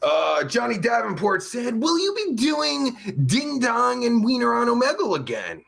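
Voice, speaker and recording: Guy putting on a high gravelly raspy perv host, swears nonstop, bright and sharp. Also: wildly swooping pitch, a little slow, exaggerated voice. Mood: rambling crude. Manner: crude, rambling, swears constantly. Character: crude foul-mouthed male pervert show host. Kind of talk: comedic live stream chat.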